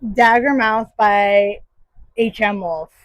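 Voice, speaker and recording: A woman's voice: medium pitch, slow, no echo, poor audio. A woman book vlogger casually reviewing her monthly reads, enthusiastic and emphatic.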